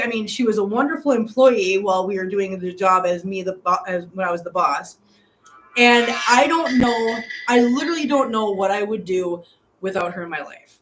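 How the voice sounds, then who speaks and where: A middle-aged woman hosting a casual live stream from a hotel room, rambling and repeating herself as she chats and reads viewer comments. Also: a little high. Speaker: livestream host.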